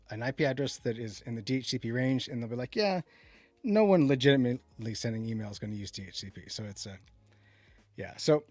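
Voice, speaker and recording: A man's voice: medium pitch, darkish tone, no echo. A man co-hosting a casual livestream tech chat, rambling and correcting himself as he reads viewer comments. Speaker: podcast co-host.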